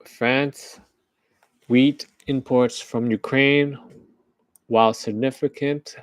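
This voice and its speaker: A man's voice: medium pitch, fairly even intonation, slow, dry recording. A man from the United States giving rambling, joking current-events commentary on a livestream, often laughing at his own jokes.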